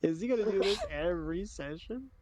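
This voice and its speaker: A man's voice: high voice, lively intonation, brisk, a crowd in the background. A man acting as game master of an online tabletop game, laughing often and using lots of fillers.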